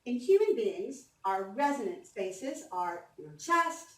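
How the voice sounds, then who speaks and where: This female voice coach speaks in a fairly high, sing-song, unhurried way as she presents on stage in a conference hall. She encourages the crowd cheerfully while walking them through breathing exercises. The sound is captured from afar, roomy, with faint ambience.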